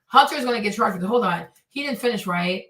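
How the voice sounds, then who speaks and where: A woman hosting a reaction stream, ranting loudly and mockingly with lots of swearing. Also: medium pitch, animated, fast, roomy sound, distant mic. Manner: loud, profane, mocking rants. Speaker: streamer host.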